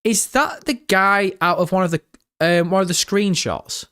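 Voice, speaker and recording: A man's voice: high voice, normal speed, pushed and bright, clear, resonant tone. A man chatting casually with his livestream chat, swearing freely and talking straight to viewers. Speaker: livestream host.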